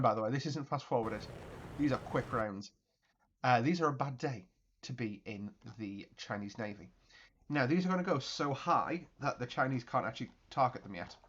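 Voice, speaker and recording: Guy rambling over his flight sim footage, excitable, goes boom boom, average pitch. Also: lo-fi sound. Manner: chatty, excitable, makes explosion noises and laughs. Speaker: video game channel host. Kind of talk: casual gameplay commentary.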